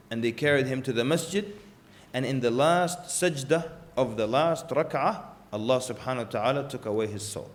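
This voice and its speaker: A man giving a religious lecture in an earnest, storytelling manner, asking the audience rhetorical questions. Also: medium pitch.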